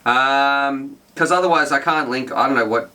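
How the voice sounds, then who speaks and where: Brief: male host, chatty Q&A reader, bright tone, slightly distant mic. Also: medium pitch, normal speed. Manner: reads viewer questions aloud, chatty. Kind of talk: casual Q&A chat.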